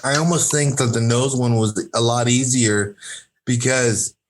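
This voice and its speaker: A man's voice: medium pitch, steady tone, a little slow, background noise. A man chatting as a podcast guest, brash and rambling, swearing freely and filling his talk with "like" and "you know". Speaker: podcast guest, fight coach. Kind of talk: casual podcast chat.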